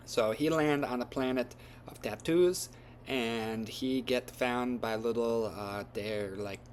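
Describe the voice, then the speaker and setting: A man's voice: mid-range voice, steady tone, takes it slowly, a little hiss or hum. A man retelling a story from memory in a casual, rambling way with loose grammar and lots of fillers.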